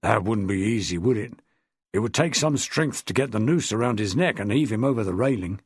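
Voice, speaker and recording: A man voicing gruff detective Diamond, husky and low. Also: expressive, brisk, no room sound. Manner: blunt, dry, growling. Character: gruff middle-aged male police detective superintendent. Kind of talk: audiobook character voice.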